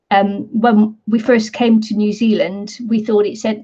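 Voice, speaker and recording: A British woman talks her way through a crafting session at an easy, drawn-out pace. Her voice sits warm and soft. She laughs often as she rambles. The recording is dull and lo-fi. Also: mid-range voice, steady tone. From Britain. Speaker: craft vlogger. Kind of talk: casual chat while crafting.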